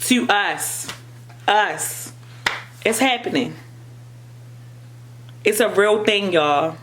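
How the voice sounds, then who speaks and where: A young woman with an African American English accent vlogs impassioned personal commentary in a mid-range voice, slow but lively in intonation. She is emphatic and repetitive, rising almost to a shout.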